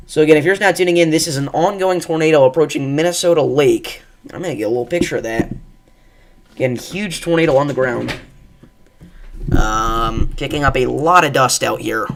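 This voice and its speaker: A man with a gravelly, creaky voice hosts a live weather stream. He talks casually with plenty of fillers and gets excited over tornado footage. Again and again he breaks in to urge viewers to take shelter. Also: a little high, brisk. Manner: excited, repeats safety warnings. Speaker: livestream weather host. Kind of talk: live severe weather commentary.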